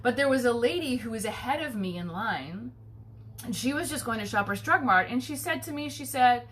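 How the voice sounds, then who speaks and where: A woman, a home baking vlogger, rambles through a casual story and acts out the people in it. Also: fairly quick. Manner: chatty, animated, swears casually, acts out quoted people in a higher voice. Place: home kitchen.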